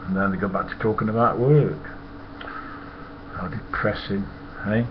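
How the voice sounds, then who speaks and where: A man's voice: lowish voice, normal speed, lo-fi sound, noisy background. A man, a former lorry driver telling stories in a rambling, blunt and profane way. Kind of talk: casual storytelling monologue.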